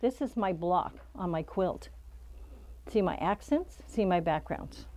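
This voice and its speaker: A woman's voice: on the low side, lively intonation, a little slow, warm tone. A middle-aged woman teaching a quilting pattern in a casual, chatty demonstration, talking through each step and laughing at her own slips in a shop studio. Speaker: quilting instructor.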